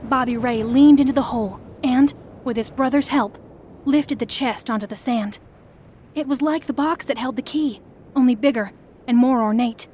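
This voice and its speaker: A woman narrating a first-person audio story, expressive, acting out the shouted lines. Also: on the high side, moderate pace, slight background noise.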